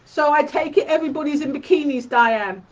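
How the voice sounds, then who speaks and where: Woman, live-stream quilting host, chatty and fond, raised pitch, dull lo-fi audio. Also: fairly quick. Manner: chatty, addresses viewers fondly. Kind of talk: casual live-stream chat.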